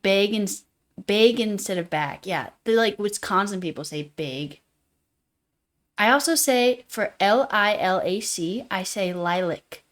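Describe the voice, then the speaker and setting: A woman with a Utah accent hosting a livestream, chatting casually in a fairly monotone way and reading chat comments aloud. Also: medium pitch, normal speed, few pauses. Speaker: livestream host.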